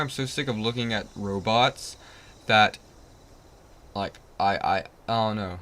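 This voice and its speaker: A man's voice: on the low side, fairly bright tone, slight background noise. A young man streaming a video game, rambling and easily exasperated, sleepy and yawning as he complains. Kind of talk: casual live-stream commentary.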